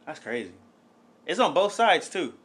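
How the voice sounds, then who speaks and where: A man's voice: on the high side, very animated, unhurried, fairly bright tone. A man co-hosting a podcast in casual slangy chat, swearing freely.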